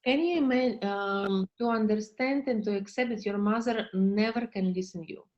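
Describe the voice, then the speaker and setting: A woman therapist coaching a client in slow, halting English with many fillers. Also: mid-range voice, a little mellow, dull audio. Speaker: therapist leading a session.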